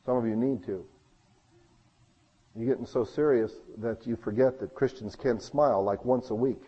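Pastor preaching in a reverberant hall. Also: male voice, medium pitch, moderate pace, slightly rough, muffled recording. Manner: conversational preaching, swings between loud and hushed. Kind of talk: sermon.

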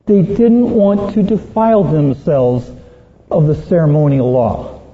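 A man delivers an earnest, emphatic sermon, his voice high and unhurried. The sound is thin and phone-like, and his words ring out through a long, echoing hall. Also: slight background noise. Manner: earnest, emphatic, dramatizes Bible quotes. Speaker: preacher.

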